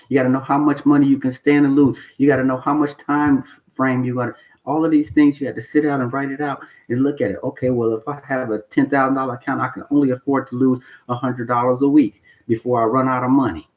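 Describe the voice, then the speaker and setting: Man, channel host, blunt, emphatic, repetitive, coaching, cussing for emphasis, mid pitch. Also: fairly even intonation, fast talker, dull audio. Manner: blunt, emphatic, repeats himself, swears for stress; coaching tone, asks "okay?" and "you know why?". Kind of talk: unscripted talk to camera.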